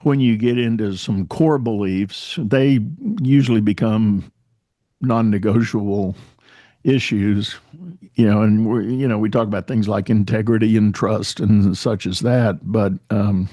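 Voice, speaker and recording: A man's voice: lowish voice, fairly even intonation, unhurried, mellow, no echo, clean studio sound. A man hosting a podcast interview, talking conversationally about coaching and leadership. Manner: conversational, rambling with restarts. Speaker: podcast host.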